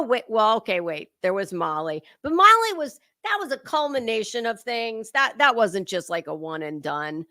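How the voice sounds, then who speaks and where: A woman's voice: mid-range voice, gravelly, pushed and bright, no echo, clean studio sound. A woman hosting a casual livestream commentary, chatty and swearing freely as she greets her chat viewers by name.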